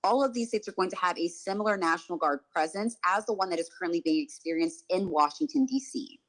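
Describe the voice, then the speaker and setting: A woman narrating a scripted news explainer video, reading in a steady, even way. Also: fairly low pitch, fast talker, rough recording.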